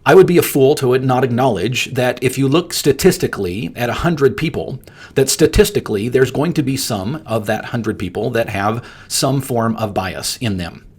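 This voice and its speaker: Man, husky voice, earnest, emphatic, podcast host, mid-pitched. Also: moderate pace, darkish tone. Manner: earnest, emphatic, repeats words for stress. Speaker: podcast host and appraiser coach. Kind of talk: solo podcast monologue.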